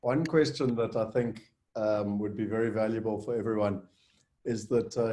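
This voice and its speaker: A man's voice: lowish voice, warm tone. Man, webinar co-host, earnest, persuasive, video call. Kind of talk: webinar talk.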